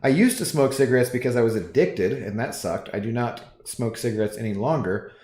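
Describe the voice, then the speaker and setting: A relaxed man hosting a livestream from home, rambling casually with his viewers and answering chat messages as they come in. His voice sits in a middling register, and the room around him has a noticeably echoey sound. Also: mid-range voice, brisk. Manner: rambling, relaxed, chatty asides. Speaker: livestream host reading chat.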